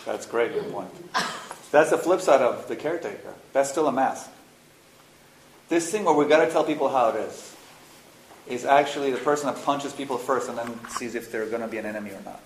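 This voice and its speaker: A man's voice: mid-range voice, fairly quick. Man, spiritual teacher, frank casual talk, roomy echo, faint hiss. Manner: frank, animated, mixes slang and swearing. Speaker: spiritual teacher leading a workshop.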